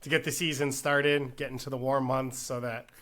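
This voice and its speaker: A man's voice: medium pitch, flat delivery, moderate pace, a bit bright. A man co-hosting a casual soccer interview podcast, joking and wrapping up in a friendly way. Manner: jokey, friendly wrap-up. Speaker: podcast co-host.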